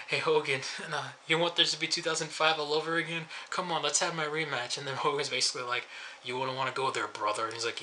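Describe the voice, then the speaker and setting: A man's voice: mid-range voice, sharp tone, a little hiss or hum. A man giving a rambling, sarcastic casual review, chuckling at his own jokes. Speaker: wrestling show reviewer.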